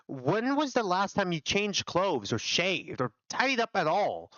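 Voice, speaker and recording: A man's voice: high-pitched, huge pitch swings, measured pace, pushed and bright, dry recording, lo-fi sound, exaggerated voice. A man voicing a harsh male colleague who scolds and insults someone with open contempt. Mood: scolding. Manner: berating, contemptuous.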